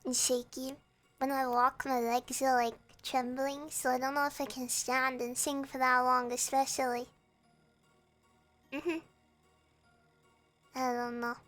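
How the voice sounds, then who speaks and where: A young woman streaming, with a hoarse, croaky voice, chatting hesitantly and reading viewer messages aloud. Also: sits high, little pitch movement, a bit bright, faint music behind. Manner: slow, hesitant, reads chat aloud and answers. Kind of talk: casual chat with viewers.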